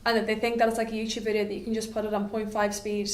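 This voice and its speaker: A woman's voice: mid-range voice, flat delivery, racing. Chatty woman teacher, echoey room. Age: 20s. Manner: chatty, full of "like" and "okay?". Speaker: French teacher. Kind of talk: classroom lecture.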